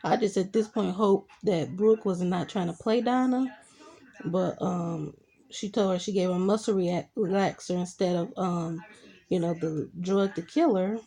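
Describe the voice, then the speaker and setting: A young adult woman with a fairly low, mellow voice recaps TV episodes at an unhurried pace. She's a TV show reviewer chatting casually and dropping in her own reactions, her retelling full of "I'm like" asides.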